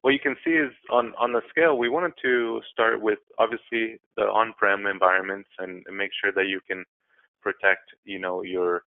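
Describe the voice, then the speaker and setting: A man giving a business webinar talk, halting and repeating words as he goes. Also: fairly low pitch, steady tone. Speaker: presenter. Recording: tinny phone-like audio.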